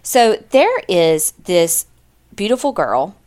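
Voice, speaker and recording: A woman's voice: lowish voice, sing-song, slow, darkish tone. Chatty woman telling a crime story. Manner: chatty, retells events with quoted dialogue and asides. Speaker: podcast co-host. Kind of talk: casual true-crime storytelling.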